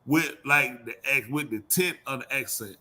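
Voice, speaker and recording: Teasing bright-voiced male show host. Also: medium pitch, moderate pace. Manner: teasing, loud, uses dialect grammar. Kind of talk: casual radio chat.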